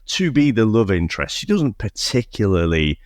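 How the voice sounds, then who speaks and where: A man's voice: fairly low pitch, big pitch swings, normal speed, no echo, studio quality. A man co-hosting a casual podcast chat, easygoing and chuckling between his points. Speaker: podcast co-host.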